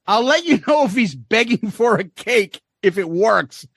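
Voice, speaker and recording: Animated male podcast co-host. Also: high-pitched, measured pace, slightly rough, no room sound. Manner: reads comments aloud with wry asides. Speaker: podcast co-host reading listener comments. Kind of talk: casual podcast chat.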